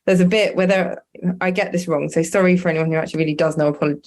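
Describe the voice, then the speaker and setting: A woman's voice: low voice, fairly even intonation, quick pace, darkish tone. A woman on a webinar panel, speaking reflectively and telling a personal story with frequent restarts over a video call. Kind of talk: conversational panel discussion.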